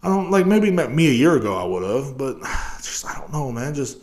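Male podcast host, young adult, crude rambling rant, mid-pitched voice. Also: very animated, moderate pace, darkish tone. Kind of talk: casual rant.

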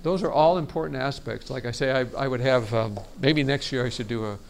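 A man teaching a workshop on storytelling in a relaxed seminar style, talking casually and often restarting his sentences. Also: mid-range voice, a little fast, creaky, slight background noise. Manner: chatty, frequent restarts and laughs. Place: conference meeting room.

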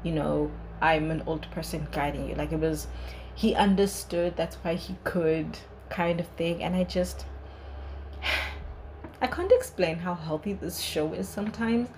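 Young woman, podcast host, casual solo review, earnest and chatty, slightly low pitch, faint background hiss. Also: unhurried, a little mellow, poor audio. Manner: chatty and earnest, frequent "like" and "you know".

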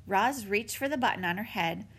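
A woman narrating a children's book in an expressive storytelling manner. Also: mid-range voice, normal speed, breathy edge. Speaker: audiobook narrator.

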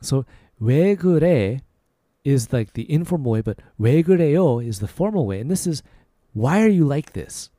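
A man hosting a language-lesson podcast, easygoing and clear, repeating short phrases slowly for learners. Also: fairly high pitch, big pitch swings, dark tone, no room sound, studio quality. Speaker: Korean language podcast host.

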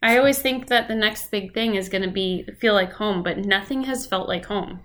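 A woman's voice: medium pitch, moderate pace, fairly bright tone. Young woman, podcast co-host, candid casual chat, heartfelt. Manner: heartfelt, tearful at times, many fillers.

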